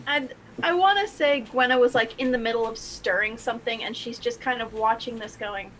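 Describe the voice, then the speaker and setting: A woman's voice: a little high, normal speed, fairly bright tone, a little hiss or hum, poor audio. A woman playing a tabletop game, casually describing what her character is doing. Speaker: player.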